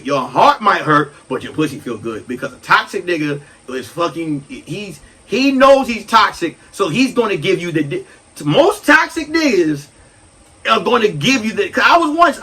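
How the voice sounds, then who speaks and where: A man in his thirties hosting a solo comedy podcast, ranting loudly and animatedly and breaking into shouts. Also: high voice, husky, far from the mic, rough recording. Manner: loud, animated, swings into shouting. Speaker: podcast host.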